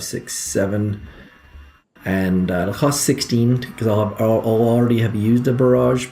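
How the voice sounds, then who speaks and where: A man's voice: on the low side, a little mellow, a little hiss or hum. Self-deprecating young man narrating gameplay. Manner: self-deprecating, frustrated muttering. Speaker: gameplay commentator. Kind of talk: casual gameplay commentary. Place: home room.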